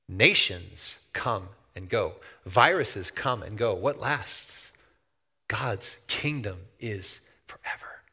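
Middle-aged preacher with a bright voice in an echoing hall. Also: male voice, lowish voice, gravelly. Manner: conversational preaching that swells to loud, emphatic outbursts. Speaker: pastor. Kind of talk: sermon. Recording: long hall reverb.

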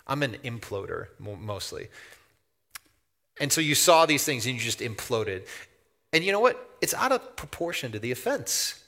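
Middle-aged preacher with a bright voice in an echoing hall. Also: male voice, medium pitch, big pitch swings, normal speed. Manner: conversational preaching that swells to loud, emphatic outbursts. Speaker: pastor. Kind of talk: sermon. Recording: long hall reverb.

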